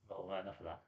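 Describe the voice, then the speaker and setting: Nasal man over a dull, lo-fi mic. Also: low voice. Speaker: co-host. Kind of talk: casual live-stream chat. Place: small home office. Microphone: replacement microphone. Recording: dull lo-fi microphone audio.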